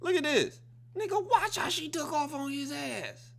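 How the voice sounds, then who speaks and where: A man hosting a reaction video, telling the story of a film in a casual, excited, profane way. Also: extremely high pitch, moderate pace, creaky.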